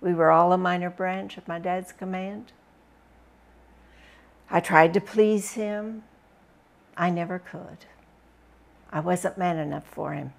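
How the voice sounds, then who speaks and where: A woman reading a first-person memoir aloud with expressive, dramatic storytelling. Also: fairly low pitch, takes it slowly, vocal fry, long pauses. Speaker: book reviewer reading aloud.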